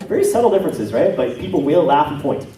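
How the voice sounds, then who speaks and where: A Canadian voice actor chats at a convention panel, his fairly high voice swinging widely in pitch, fast and warm, with a little hiss or hum. He's self-deprecating and rambling, full of asides, recorded from far off in an echoey hall.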